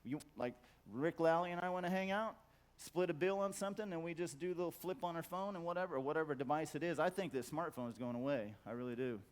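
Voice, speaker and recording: A man's voice: fast, clean tone. A middle-aged man giving a profane conference talk, blunt and emphatic, stacking repeated words for effect. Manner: acts out quoted voices in a loud high squawk. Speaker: conference speaker. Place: conference hall.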